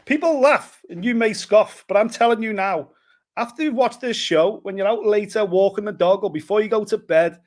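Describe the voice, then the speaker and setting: A man's voice: high voice, normal speed. A man with a Scouse accent co-hosting a live show, trading jokey, teasing banter. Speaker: co-host. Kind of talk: casual live show chat.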